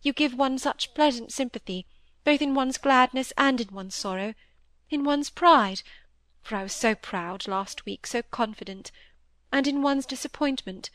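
A woman voicing a gentle middle-aged mother, plaintive and soft, tumbling on in distress. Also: high-pitched, unhurried, no echo, studio quality, pitched above the performer's own voice. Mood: tender. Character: tearful gentle middle-aged mother, anxious for her son.

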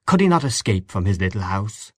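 A man reading a literary short story aloud in a measured, even narrating manner. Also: on the low side, dry recording, studio quality. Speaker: audiobook narrator.

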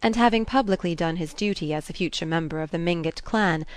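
A woman narrating a classic novel in a measured, even reading. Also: on the low side, clear, resonant tone. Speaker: audiobook narrator.

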